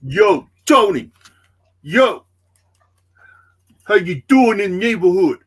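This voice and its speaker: A man putting on a loud mock New York tough-guy voice, calling out greetings. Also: high voice, sing-song, slow, slightly rough, pitched above the performer's own voice, exaggerated voice. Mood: brash.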